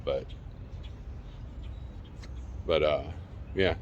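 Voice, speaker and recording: A man's voice: low-pitched, measured pace, pauses often, highs cut off. A man chatting casually in a vlog from his backyard, rambling and calling out to his dog between thoughts. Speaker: vlogger. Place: backyard outdoors.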